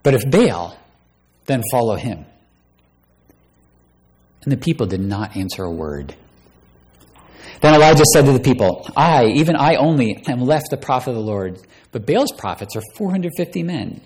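A man's voice: mid-range voice, very animated, normal speed, pauses often, darkish tone. A man preaching a sermon, reading scripture aloud and raising his voice dramatically on the quoted lines. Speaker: pastor.

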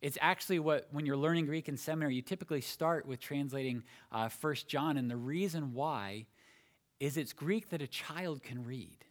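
A man preaching a sermon, explaining a passage phrase by phrase with emphatic pauses and small restarts. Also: fairly high pitch.

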